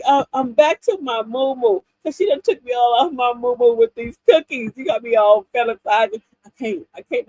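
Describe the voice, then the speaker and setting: A middle-aged woman hosts a livestream, telling stories in an animated, laughing, chatty way. Her voice is a little high with a breathy edge. Captured on a livestream mic, the audio is low-quality with no room sound.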